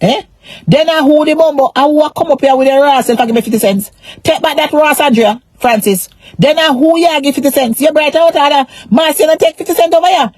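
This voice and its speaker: A woman's voice: high-pitched, fairly quick, darkish tone, no room sound. A Jamaican woman on a casual live stream, rambling in a repetitive, emphatic way about money, shame and her pain. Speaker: social media personality.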